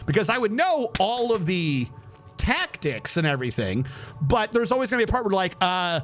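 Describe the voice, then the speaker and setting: While streaming, a young man with a notably high-pitched voice casually tells a story, animated and profane, acting out every exchange. He speaks at a moderate pace over soft background music.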